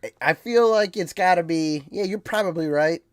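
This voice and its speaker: A man's voice: sits high, moderate pace, clear, resonant tone, no echo, clean studio sound. Easygoing male podcast co-host. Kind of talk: casual chat about video games.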